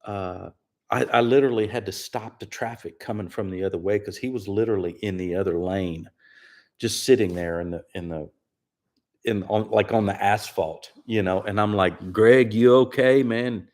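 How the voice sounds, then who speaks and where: A man's voice: low voice, fairly even intonation, moderate pace, darkish tone. A man, a singer-songwriter host telling rambling, laid-back stories in his living room and putting on friends' voices. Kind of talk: casual storytelling chat.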